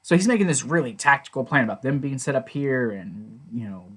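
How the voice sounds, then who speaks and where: A chatty man talks through a TV episode in a casual recap. His pitch sits in a plain middle range, and he shares blunt opinions with the odd swear word. He keeps slipping into quotes of the characters as he retells each scene. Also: lively intonation, a little fast. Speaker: TV show reviewer.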